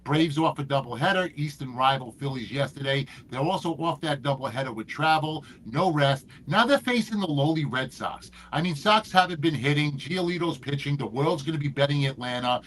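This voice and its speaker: A man's voice: a little high, fairly quick, few pauses, fairly bright tone, poor audio. A man hosting a sports betting picks show, talking in a casual, profane, hyped-up way.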